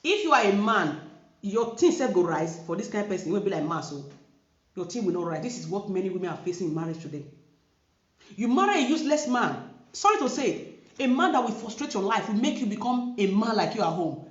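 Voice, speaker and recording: A woman's voice: medium pitch, very animated, brisk. A woman with a Nigerian Pidgin-inflected English accent, talking to camera as a vlogger in an emphatic, preachy way and repeating her points. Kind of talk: casual commentary to camera. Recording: roomy, dull lo-fi sound.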